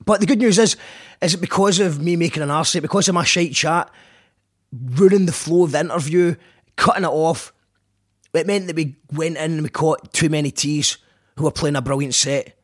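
A man's voice: a little high, moderate pace. A Scottish man hosting a radio show, rambling, joking and apologizing in a casual monologue. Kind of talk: casual self-deprecating monologue.

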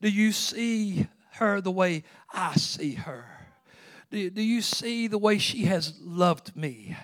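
A man voicing Jesus as a calm, pleading teacher. He asks earnest questions quietly and slowly. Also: high-pitched, pitched above the performer's own voice, exaggerated voice.

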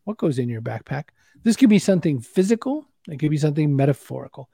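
A man hosting a podcast, brisk, upbeat and jokey. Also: a little high, big pitch swings, creaky, mellow, slightly rough, no room sound, clean studio sound. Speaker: podcast host.

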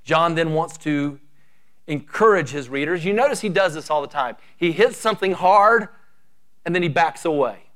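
A male pastor preaching an animated sermon, building to emphatic rising runs and dropping to quiet asides. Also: on the high side, moderate pace.

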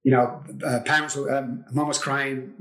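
Recorded with a noticeable roomy echo, a middle-aged addiction recovery expert speaks as an interview guest in a bright, forceful, mid-range voice with little pitch movement and a moderate pace. He recounts his personal hardships in an earnest, confessional, emotional way, repeating phrases to drive them home.

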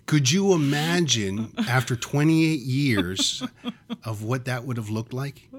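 A man's voice: medium pitch, takes it slowly. A man in his fifties co-hosting a faith podcast, speaking earnestly and posing reflective questions.

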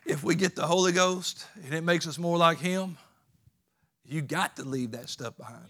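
Folksy preacher, higher voice. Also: male voice, moderate pace, a bit bright. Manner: folksy, emphatic preaching with rural Southern grammar. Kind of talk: sermon.

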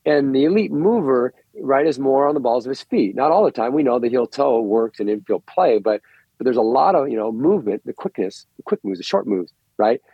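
A middle-aged man, a coaching guest on a podcast, telling stories in an excitable, rambling way and often repeating words. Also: mid-range voice, brisk, husky, dry recording. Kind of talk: animated storytelling interview. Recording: dull, lo-fi, dry recording.

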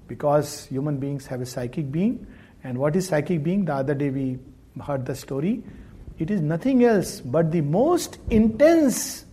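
Husky guy giving a spiritual talk, tells stories, chuckles a lot, kinda high voice. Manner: animated storyteller, chuckles often. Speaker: spiritual teacher. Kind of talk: spiritual discourse with storytelling.

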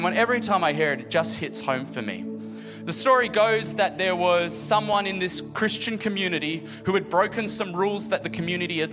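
A man with a high voice preaches a sermon in a relaxed, joking way, slipping into the voices of the people in his story. His words ring out in a large echoing hall. Music plays softly behind him. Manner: casual, joking asides and acted-out quotes. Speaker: pastor.

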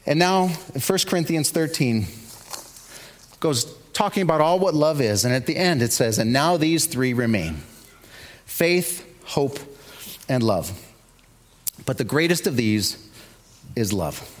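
A man's voice: medium pitch, measured pace, long pauses, slight background noise. A man preaching a sermon as pastor, telling stories with rising energy. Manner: animated storytelling, builds to shouts.

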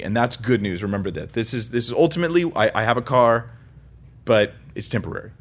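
This California pastor preaches fast and emphatically, his sermon shifting between loud, high accents and hushed, low lines. He mixes in light self-deprecating jokes.

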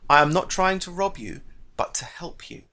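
A man voicing a grave, patient old male wizard, speaking quietly and earnestly. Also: high-pitched, lively intonation, moderate pace, pitched above the performer's own voice.

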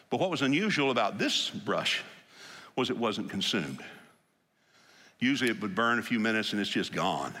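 Brief: male preacher, lively storytelling sermon, acts out scripture lines, ringing hall reverb. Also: medium pitch. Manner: animated storytelling, acting out scripture quotes. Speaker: pastor.

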